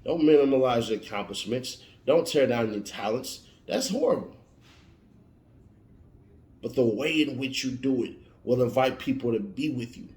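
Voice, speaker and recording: A man's voice: medium pitch, a little mellow. A man giving an emphatic motivational monologue, warning and repeating his points like a preacher. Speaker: motivational speaker. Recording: roomy echo.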